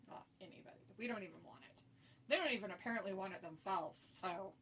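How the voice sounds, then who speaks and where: A woman's voice: mid-range voice, quick pace, a bit bright, recorded from a distance, a little hiss or hum. A woman co-hosting a casual livestream chat. She reads viewer comments aloud and laughs often. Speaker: co-host reading viewer chat.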